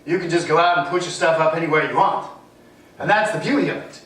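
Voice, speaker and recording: Guest spot: high-voiced man, self-deprecating rambler, distant mic in an echoey room. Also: quick pace, fairly bright tone. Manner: self-deprecating, wanders off on tangents. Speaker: street artist guest. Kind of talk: rambling interview chat.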